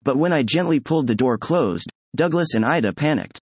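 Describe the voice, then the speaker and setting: Husky-voiced man narrating a story. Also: on the high side, animated, brisk, no echo. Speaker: audiobook narrator. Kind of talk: first-person story narration.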